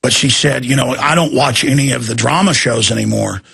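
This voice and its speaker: A man's voice: mid-range voice, fairly quick, gravelly, pushed and bright, slightly rough. A man hosting a talk-radio show, delivering an agitated, ranting monologue.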